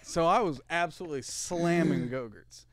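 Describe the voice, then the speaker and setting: A man's voice: fairly high pitch, moderate pace, no echo. A young man co-hosting a podcast, telling a long crude story in a rambling, laughing way. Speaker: podcast co-host. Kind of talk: casual chat.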